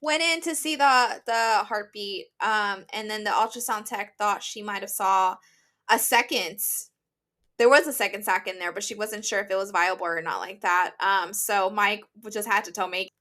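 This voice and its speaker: A young adult woman co-hosting a casual podcast chat, recounting events in a relaxed, matter-of-fact way. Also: medium pitch, normal speed. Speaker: podcast co-host.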